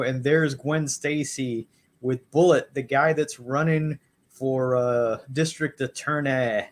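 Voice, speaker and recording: A man co-hosting a podcast, chatting casually in a crude, profane and wisecracking way, rambling through recaps. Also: a little high. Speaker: podcast co-host.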